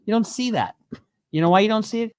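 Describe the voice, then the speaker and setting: A criminal lawyer with a fairly high, slightly mellow, smooth voice talks quickly about his views in a loose, casual chat. He rambles, doubles back, and leans on fillers, and the recording is dry with him very close to the mic.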